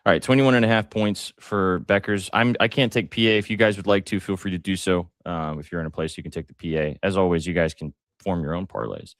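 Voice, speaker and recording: A deep-voiced man hosting a live betting stream, chatty and excitable, throwing in jokes and ums. The sound is close and dry, with no room around it. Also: a little fast, few pauses, no echo. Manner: excitable, joking, lots of fillers. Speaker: sports betting show host.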